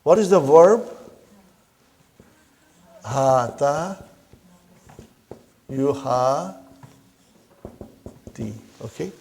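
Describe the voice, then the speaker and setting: A man's voice: fairly high pitch, drawn-out words, long pauses, dark tone. A man teaching an Arabic grammar lesson to a class, who keeps asking questions and checking in with "huh?".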